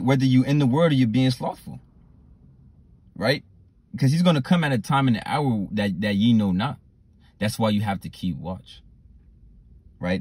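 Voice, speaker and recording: Husky-voiced man preaching a sermon. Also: on the low side, a little mellow, dry recording. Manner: repetitive, calls out "right?" and "you know" often; slow drawn-out scripture reading.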